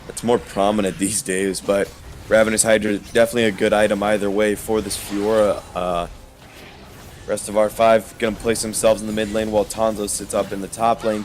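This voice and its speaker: Hoarse, lower-voiced esports analyst. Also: male voice. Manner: steady, measured analysis with some stumbles. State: hoarse, losing his voice. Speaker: esports color commentator. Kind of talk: analytical commentary.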